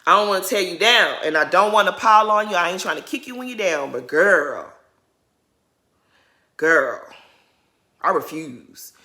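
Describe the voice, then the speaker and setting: A woman giving opinionated, animated commentary as she recaps a reality TV episode for her viewers. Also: on the low side, normal speed, long pauses. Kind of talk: casual commentary vlog.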